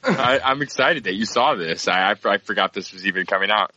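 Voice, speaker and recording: A man's voice: fairly low pitch, expressive, brisk, pushed and bright, highs cut off, a little hiss or hum. A man co-hosting a podcast in casual chat, hesitant and jokey. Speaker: podcast co-host.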